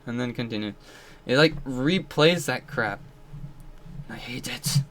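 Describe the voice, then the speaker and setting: A man giving casual gameplay commentary, rambling and frustrated, muttering low and then yelling out. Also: measured pace, slight background noise. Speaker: gamer playing and commenting.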